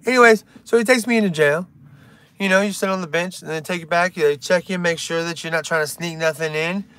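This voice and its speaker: A man's voice: a little high, a little fast, fairly bright tone. A young man doing rambling stand-up on a live stream, swearing often and drifting into silly bits. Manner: rambling, swears a lot, breaks into silly songs.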